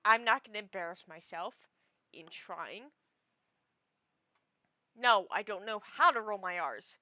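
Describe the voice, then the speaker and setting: A woman's voice: medium pitch, lively intonation, a little slow, pushed and bright, no echo, clean studio sound. A young woman chatting casually on a stream, rambling and self-deprecating with frequent giggles. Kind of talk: casual chat.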